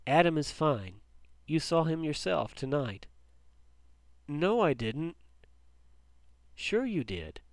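Male narrator doing a kind, protective ghost dad, soft and reassuring, dry close sound. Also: on the high side, very animated, takes it slowly, pauses often, dry recording, exaggerated voice. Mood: gentle.

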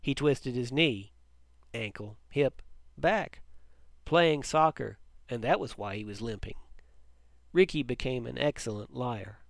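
A man narrating a story with a measured, even reading. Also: medium pitch, creaky, no room sound.

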